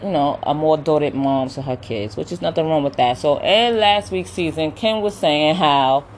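A chatty woman with a slightly low voice, giving her frank opinions as she recaps a reality show episode. She talks casually, scattering um and you know through her sentences. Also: moderate pace, slight background noise. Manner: chatty, opinionated, animated retelling with quoted voices; many fillers like um and you know. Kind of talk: casual chat.

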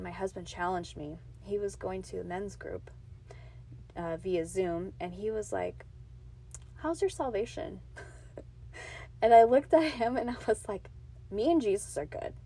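A woman's voice: lowish voice, gravelly, warm tone, slight background noise. A woman in her thirties hosting her own podcast from a home closet, telling her faith testimony in an earnest, emotional, confiding way. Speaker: podcast host. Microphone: podcast mic on a box.

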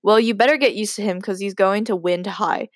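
A woman's voice: medium pitch, fairly quick, no echo, clean studio sound, lightly acted. A young woman reading the lines of a nosy teenage girl, the narrator's best friend, in a blunt, prodding way.

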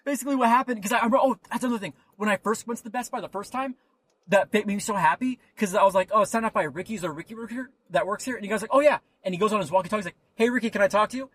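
A man's voice: high voice, very fast, slightly rough, no room sound. A young man hosting a podcast, rambling through a story in casual chat and acting out the people in it. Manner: rambling, animated, acts out quoted people. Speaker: podcast host.

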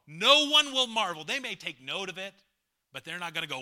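A man's voice: sits high, very animated, fairly quick, bright, forceful tone. A male pastor giving a sermon, emphatic and repeating his key phrases.

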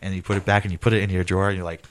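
A man's voice: deep voice, level tone, racing. A man in his thirties, an improv comedian guesting on a podcast, talking in a rambling, swearing casual chat. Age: 30s.

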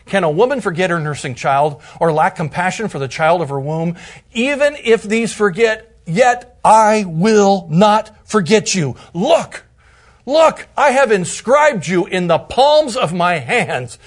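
A man teaching through a Bible passage in a conversational way, sometimes dropping to a soft hush for emphasis. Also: high voice, sing-song, a little slow.

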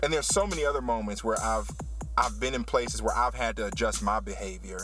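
Man, low pitch, podcast host, teacher, animated storytelling, faint music behind. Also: fairly quick. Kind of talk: casual podcast chat.

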